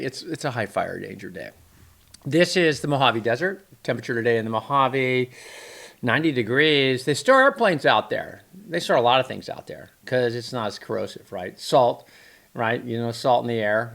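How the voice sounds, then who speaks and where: Gravelly, chatty middle-aged weatherman. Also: medium pitch, animated, normal speed, fairly bright tone. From Northern California. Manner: rambling, chatty, enthusiastic asides. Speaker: weather forecaster. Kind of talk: casual forecast chat. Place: at home.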